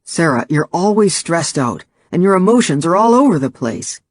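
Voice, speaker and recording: A man reading an audiobook and voicing a protective young fiancé in a soft, coaxing way. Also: on the high side, big pitch swings, moderate pace, no echo. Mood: concerned. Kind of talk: audiobook character voice.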